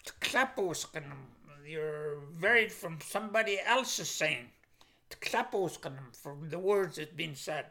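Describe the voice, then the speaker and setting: A language teacher works through a vocabulary lesson, saying each word, repeating it, and defining it with a string of English synonyms. The delivery is plain and patient, with soft asides and small laughs, in a medium-pitched, animated voice at a slow pace.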